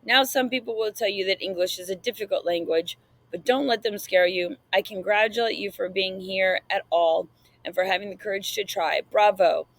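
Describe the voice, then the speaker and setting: A woman reading an audiobook voices a cheerful, brisk female language teacher who speaks energetically and encouragingly. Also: mid-range voice, gravelly.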